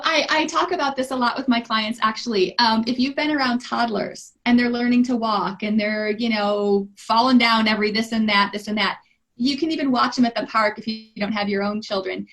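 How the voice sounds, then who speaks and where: A woman with a high, light voice who leads a casual interview. She talks in an easy, chatty way and sometimes jumps into a vivid imitation of a worried parent. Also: fairly bright tone. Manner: conversational, mimics parents vividly. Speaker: interviewer and practitioner.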